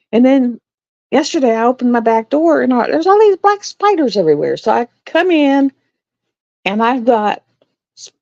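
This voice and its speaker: This is a middle-aged woman with a high, darkish voice, chatting through a rambling story to live stream viewers and laughing a lot. There's no room sound in the recording, which comes from a phone or webcam and sounds dull and a bit lo-fi, as stream audio often does.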